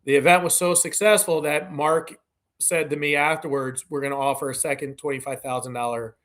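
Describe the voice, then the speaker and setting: A man's voice: on the high side, steady tone, fairly quick, a bit bright. A man, a podcast guest, telling stories in a casual interview, acting out quoted dialogue with many "you know" fillers. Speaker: podcast guest, community event organizer.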